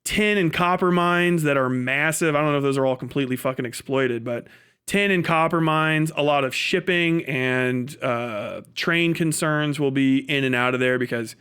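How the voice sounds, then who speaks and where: A man streaming live, ranting in a profane, fast-talking way. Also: a little high, fairly bright tone, clear, resonant tone. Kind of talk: casual livestream rant.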